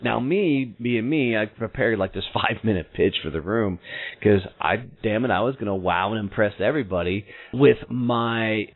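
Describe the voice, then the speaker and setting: A man's voice: on the low side, normal speed. A man hosting a podcast, telling a personal story in a blunt, salty, self-mocking way. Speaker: podcast host. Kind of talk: storytelling monologue. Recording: narrow phone-like sound.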